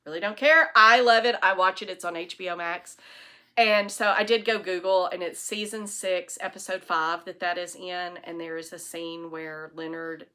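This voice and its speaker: Bright-voiced chatty knitting vlogger woman. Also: fairly low pitch, fairly even intonation, moderate pace. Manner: chatty, rambling, self-deprecating. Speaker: knitting podcast host. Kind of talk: casual chat to camera. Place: at home, alone. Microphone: iPad on a tripod.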